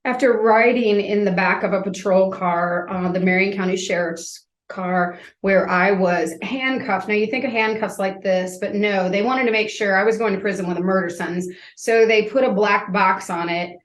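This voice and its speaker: A woman in her fifties tells her story as a podcast guest. She is a lively storyteller who acts out each scene, heard in a roomy, echoing space. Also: mid-range voice, moderate pace, hardly any pauses.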